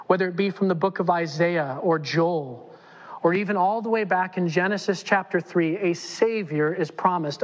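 A man's voice: high voice, muffled recording. A man preaching a sermon as pastor to a congregation, emphatic and dramatic. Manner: emphatic, dramatic, acting out quotes. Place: church hall before a congregation. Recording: long reverb in a church hall.

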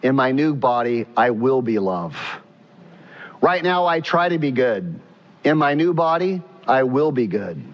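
A man preaching a sermon in an animated way, acting out voices and swinging from loud questions to hushed, tender lines. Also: medium pitch, unhurried, lo-fi sound. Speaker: pastor.

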